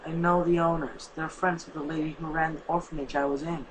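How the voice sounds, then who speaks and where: A reader voicing a calm young plant orphan. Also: medium pitch, brisk, background noise, natural voice.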